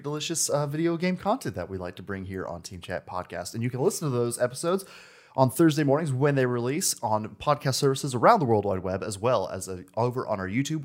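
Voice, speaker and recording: Man, podcast co-host, brisk and upbeat delivery. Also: medium pitch. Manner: upbeat, rapid sponsor shout-outs. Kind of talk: casual podcast chat.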